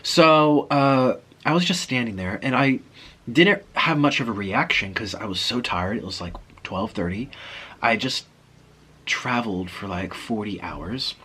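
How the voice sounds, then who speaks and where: A man's voice: fairly low pitch, animated, a little slow, bright, forceful tone, husky. A man telling a personal story in a vlog, acting out the other people's lines as he goes. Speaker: vlogger.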